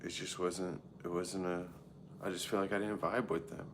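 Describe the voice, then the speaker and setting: A man's voice: deep voice, flat delivery, moderate pace, noisy background. A man in his thirties chatting candidly on a livestream, cursing freely, rambling with lots of "like" and answering viewers as he goes. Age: 30s. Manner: frequent filler "like" and self-interrupting. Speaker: live streamer. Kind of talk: casual chat answering viewers.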